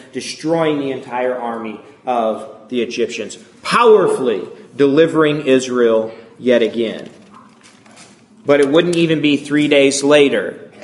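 A man giving a sermon, reading scripture and voicing the complaints with rising emphasis. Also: medium pitch. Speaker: preacher.

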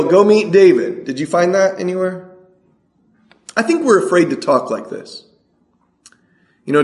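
A man preaching a sermon, asking his congregation rhetorical questions and reading scripture aloud slowly. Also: high voice, roomy sound.

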